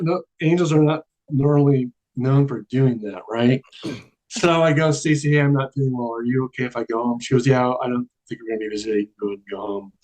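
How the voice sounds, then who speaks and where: A man's voice: mid-range voice, darkish tone, poor audio. A man telling a long personal story in a casual interview, acting out the dialogue and laughing often. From Charleston area, American South. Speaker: guest.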